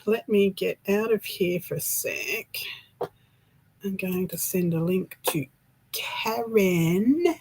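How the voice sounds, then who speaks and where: An Australian woman hosting a casual livestream, excitable and breathless with frequent sighs. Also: mid-range voice, extremely slow, long pauses, husky, rough recording. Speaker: livestream host.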